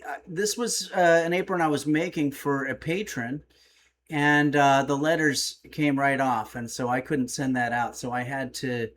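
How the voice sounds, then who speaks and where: This home-kitchen cooking stream is hosted by a man whose medium-pitched voice has a touch of brightness, with a little hiss or hum in the recording. He chats casually while reading out the chat, rambling along easygoing and full of fillers.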